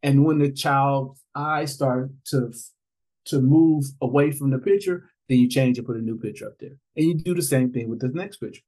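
This is a man in conversation as a podcast guest, telling stories with a lively, animated delivery. He laughs easily and slips into other people's voices when he quotes them. His pitch sits in the middle for a man. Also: normal speed, poor audio. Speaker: podcast guest, author and father. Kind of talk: conversational storytelling.

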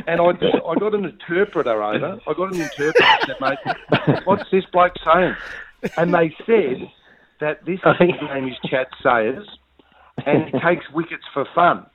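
A man's voice: fairly high pitch, animated, normal speed, crowd noise. A man, a cricket coach and co-host, telling a teasing story on radio. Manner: teasing, anecdotal. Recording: tinny phone line.

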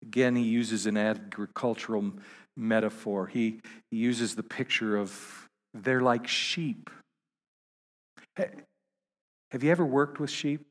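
A man preaching a sermon to his congregation, halting and repeating words, rising to emphatic peaks. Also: on the low side, big-room sound. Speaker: pastor.

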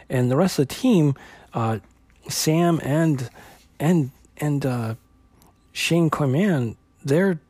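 A man's voice: medium pitch, a little mellow, no echo. A man hosting a podcast, recapping a comic book issue in a loose conversational way, with plenty of fillers and restarts. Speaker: podcast host.

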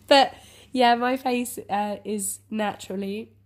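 A woman's voice: on the high side, slow. A woman in her early twenties in casual chat, chatty and self-deprecating, often laughing at herself. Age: 20s.

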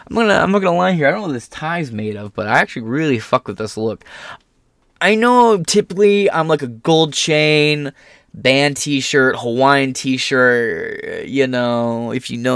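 A man's voice: medium pitch, a bit bright, no echo, clean studio sound. A young man talking through a casual commentary vlog, sarcastic and mocking, swearing freely. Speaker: political commentator.

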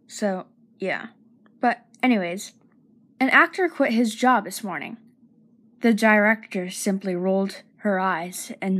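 A woman's voice: mid-range voice, unhurried. A woman giving a scripted comedic monologue as narrator and host, playful and self-mocking, with sing-song emphasis.

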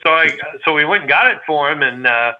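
A man spins a long, meandering anecdote in casual chat with a friend. His voice sits a little high, and the recording sounds dull and lo-fi. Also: animated, quick pace. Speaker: storyteller reminiscing with a friend.

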